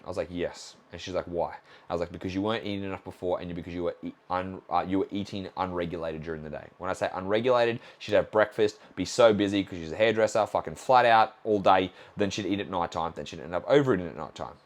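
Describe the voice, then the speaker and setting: Blunt, swearing male nutrition coach. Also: sits low. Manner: blunt, frequent swearing, acts out conversations. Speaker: nutrition coach and podcast host. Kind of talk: solo podcast monologue.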